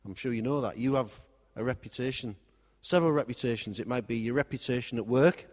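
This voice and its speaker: A man's voice: medium pitch, a little fast. A man preaching a sermon in a wry, conversational way, repeating key phrases as he speaks to the congregation. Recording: long hall reverb.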